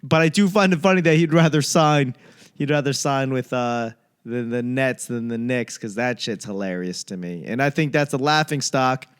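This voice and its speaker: A man's voice: medium pitch, normal speed, smooth. A man from the United States, a comedian and podcast host, rambling through a solo monologue full of profane, ranting tangents and comic asides.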